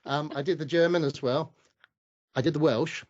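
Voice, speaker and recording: A man's voice: fairly high pitch, fairly even intonation, moderate pace, a little mellow, dull audio. A man hosting a podcast interview, enthusiastic and chatty, with frequent restarts. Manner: enthusiastic, many restarts and stammers. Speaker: podcast host. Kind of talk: casual interview chat.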